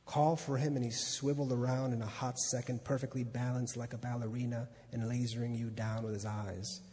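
Guy reading a story out loud, mellow low-key tone, long hall echo, trips on a word here and there. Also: flat delivery, slight background noise. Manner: unhurried reading with small stumbles and restarts. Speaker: magazine editor reading at an event. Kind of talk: reading a literary excerpt aloud.

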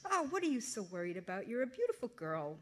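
A woman's voice: fairly high pitch, sing-song, fast talker. A woman reading aloud, voicing a blunt, old-fashioned middle-aged mother who scolds and dismisses. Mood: scolding.

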